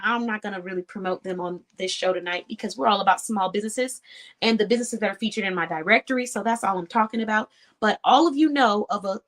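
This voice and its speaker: A woman's voice: mid-range voice, fairly bright tone. A woman hosting an online show, giving an earnest, encouraging talk to small business owners in a casual, conversational way. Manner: earnest, encouraging, laughs easily. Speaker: host.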